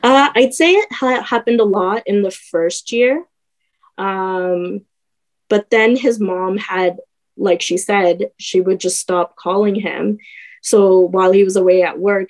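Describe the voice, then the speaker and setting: A woman's voice: mid-range voice, darkish tone, rough recording. A young woman telling her own story as a podcast guest, hesitant, with many fillers and restarts. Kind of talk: personal story in a podcast conversation.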